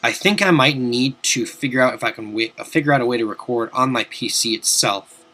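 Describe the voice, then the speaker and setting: Young male gamer, bright voice, rambling casual commentary with loud swearing outbursts. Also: medium pitch, brisk. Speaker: let's play commentator. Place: home room at his desk.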